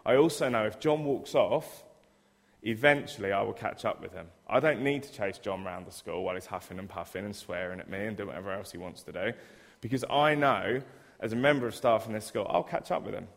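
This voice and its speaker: Chatty low-voiced man preaching in a church. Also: brisk, gravelly. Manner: chatty, self-deprecating, acts out scenes. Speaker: preacher who works in a school. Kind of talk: church sermon. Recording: reverberant church hall.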